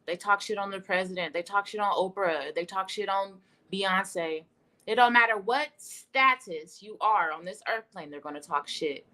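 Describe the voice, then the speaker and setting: Bright-voiced blunt woman tarot reader. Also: mid-range voice, moderate pace. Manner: blunt, profane, animated. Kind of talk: casual spiritual livestream talk.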